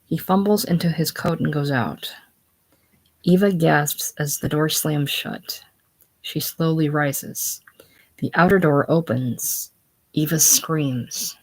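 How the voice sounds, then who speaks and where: Slow, plain reader of stage directions. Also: medium pitch. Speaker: play reader. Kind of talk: casual play reading, stage directions.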